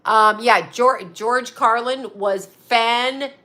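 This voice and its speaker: A woman's voice: fairly high pitch, slow pace, sharp tone. A woman hosting a psychic livestream, chatting casually and bluntly with viewers, rambling and often laughing. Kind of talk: casual live chat reading viewer comments.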